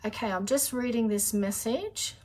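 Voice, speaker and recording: A woman's voice: a little high, animated, normal speed, a little mellow. A middle-aged woman, hosting a live spiritual reading session in a chatty, affectionate way, calling viewers darling and honey with many filler sounds. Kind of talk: casual live-stream chat.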